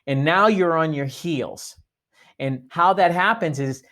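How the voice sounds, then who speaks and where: A man's voice: on the high side, unhurried, fairly bright tone. A man giving a sales training talk, coaching listeners and acting out sample phone greetings. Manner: coaching, demonstrates phone lines.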